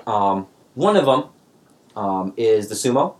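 A man's voice: lowish voice, very animated, a little slow. A man narrating as game master for a tabletop game, talking in a loose, rambling way. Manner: loose and rambling, many fillers and restarts.

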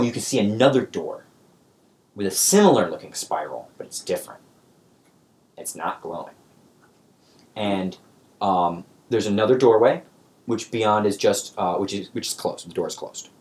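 Narrating a tabletop game as its game master, this man rambles loosely, often restarting and using fillers. He talks at normal speed with long pauses, his voice on the low side with a darkish tone.

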